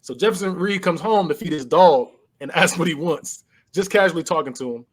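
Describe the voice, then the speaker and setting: This man has a fairly high pitch and speaks a little fast. On a podcast, he casually recaps a movie with animated storytelling, acting out the characters' lines and laughing.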